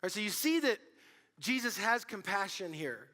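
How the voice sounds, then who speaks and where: A young man preaching a casual youth sermon, telling stories with lots of fillers and an animated delivery. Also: high voice, normal speed. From Colorado. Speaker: youth pastor.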